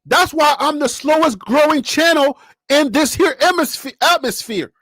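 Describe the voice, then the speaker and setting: A man with a fairly high voice hosts his own sports talk stream and speaks straight to viewers and chat. He talks in an animated way and laughs often. The mic is close and the sound is dry. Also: measured pace, no echo. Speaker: sports channel host. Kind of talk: casual live-stream commentary.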